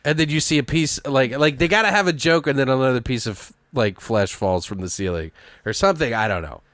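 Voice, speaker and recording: A man co-hosting a podcast, pitching a story in casual chat with rambling, profane storytelling. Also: expressive, a little fast, fairly bright tone, dry recording. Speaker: podcast co-host.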